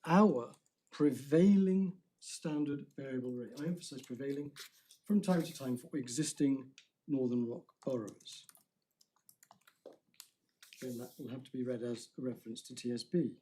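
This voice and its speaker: A man presenting a formal courtroom submission. His voice is warm and mellow, and he talks at a mid pitch. He is careful and deliberate, and he often breaks off to restart a phrase. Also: steady tone, a little hiss or hum. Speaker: barrister arguing an appeal.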